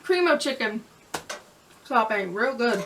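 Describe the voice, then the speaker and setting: A woman chatting casually while tasting food, giving quick replies and laughing often. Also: a little high, expressive. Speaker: vlog co-host. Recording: distant mic with faint room noise.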